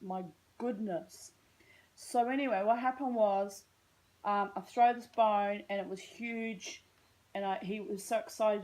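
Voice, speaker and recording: A woman rambles to her phone camera at home with a wry, self-mocking humor. She drifts from thought to thought, tossing in offhand asides. Her voice sits at an ordinary middle pitch. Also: a little mellow, poor audio. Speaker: vlogger. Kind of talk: casual rambling vlog to camera.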